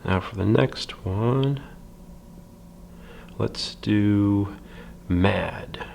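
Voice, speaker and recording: Slow, gravelly-voiced man teaching drawing. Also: fairly low pitch, a little hiss or hum. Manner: calm, patient, hesitant with fillers, drops to soft half-whispers while drawing. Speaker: library drawing instructor. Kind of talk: slow step-by-step drawing lesson.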